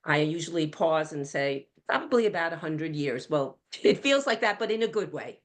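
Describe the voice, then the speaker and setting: An older retired woman, a guest on a chat show, talking over a video call with a warm, laughing, self-correcting manner. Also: low voice, lively intonation, moderate pace. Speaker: guest, nonprofit assistant director. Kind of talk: casual chat.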